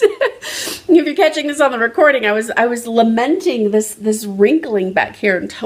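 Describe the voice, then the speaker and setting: A woman life coach giving an earnest, emphatic motivational talk on a phone livestream, often restarting her sentences. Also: a little high. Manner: earnest, emphatic, frequent restarts, varying pace.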